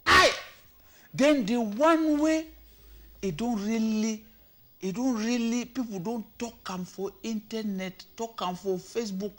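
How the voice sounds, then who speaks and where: A man with a Cameroonian Pidgin accent giving comic commentary, animated and switching between languages, sometimes shouting. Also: high-pitched, measured pace. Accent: Cameroonian Pidgin English. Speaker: comedy commentator.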